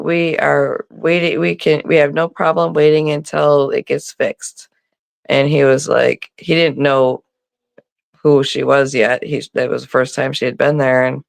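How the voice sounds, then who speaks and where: A woman's voice: low-pitched, fairly even intonation, a little slow, gravelly, no echo. A middle-aged woman telling stories in a casual live chat, acting out the voices she quotes, on a phone mic. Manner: chatty storytelling, acts out quoted voices. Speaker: co-host.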